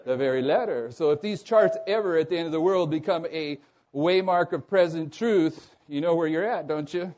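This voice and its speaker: A man's voice: on the high side, normal speed, darkish tone. A man preaching a sermon to a congregation, asking them questions and often breaking off to restart a phrase. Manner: asks the audience rhetorical questions; stumbles and restarts mid-phrase.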